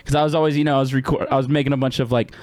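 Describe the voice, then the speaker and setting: A man's voice: medium pitch, flat delivery, very fast, a little mellow, dry recording. Laid-back Southern man, dry close sound. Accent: Southern American. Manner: laid-back, swears often, says dude a lot. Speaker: podcast host. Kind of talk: casual chat.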